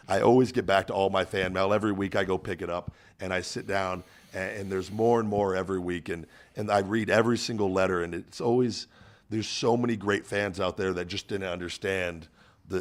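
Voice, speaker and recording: Deep-voiced man in halting podcast talk. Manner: earnest, halting, many restarts. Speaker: podcast host. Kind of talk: casual podcast chat.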